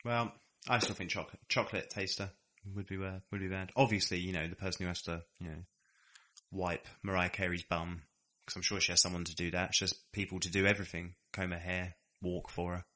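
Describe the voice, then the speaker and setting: A man's voice: low voice, flat delivery, a little fast, pushed and bright. A man from England co-hosting a podcast, joking crudely in casual chat. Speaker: podcast co-host.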